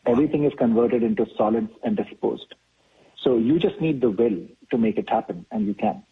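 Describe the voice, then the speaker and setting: A man being interviewed as a company executive, explaining in a measured way. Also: medium pitch, slightly rough. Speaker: chief operating officer, guest. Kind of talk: interview answers. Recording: tinny phone-like line.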